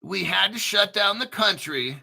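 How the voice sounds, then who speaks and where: A foul-mouthed male crypto host rambles through a news article, boasting and cracking crude jokes between sentences. His voice sits high for a man and sounds sharply bright and forceful, with a cutting edge to every word. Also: animated, a little slow, vocal fry. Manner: crude, profane, boastful, jokey asides. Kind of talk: rambling live commentary reading a news article.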